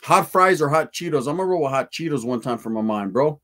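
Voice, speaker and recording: A livestream host reacts to a film and reads chat, talking loosely in street slang sprinkled with Spanish words. His voice is a little high and fairly bright, animated and quick.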